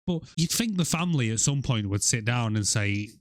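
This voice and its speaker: A man's voice: mid-range voice, lively intonation, fairly quick, no echo. A man co-hosting a podcast, roasting a film in casual, crude, jokey chat. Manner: crude, jokey, mocking voices of film characters. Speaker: podcast co-host.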